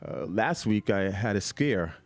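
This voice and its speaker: A man hosting a podcast interview, speaking in a halting way with many pauses and restarts. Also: lowish voice, expressive. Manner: halting, full of fillers and restarts. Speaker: podcast host. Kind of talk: interview conversation.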